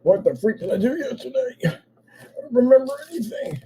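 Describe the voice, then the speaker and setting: A man voicing a groggy, hungover man who speaks in a bewildered, drawn-out way. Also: very high-pitched, lively intonation, mellow, a little hiss or hum, pitched above the performer's own voice. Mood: dazed.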